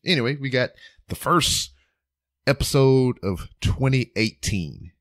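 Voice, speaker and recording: A man's voice: lowish voice, expressive, unhurried, no room sound, studio quality. A man hosting his own podcast from home, rambling in a playful, casual way with joking asides. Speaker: podcast host. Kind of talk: casual solo podcast monologue.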